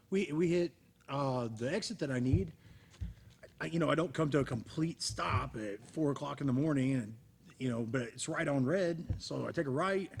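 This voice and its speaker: A man's voice: medium pitch, gravelly, a little mellow, a little hiss or hum. A man telling rambling stories in casual chat, often restarting sentences and laughing. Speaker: professional wrestler guest. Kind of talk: casual storytelling among friends.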